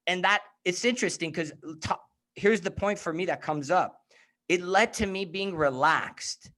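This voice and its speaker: A man with a slightly raised pitch hosts a casual conversation. He speaks reflectively and searchingly, often circling back and restarting his thoughts. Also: normal speed, sharp tone. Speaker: host.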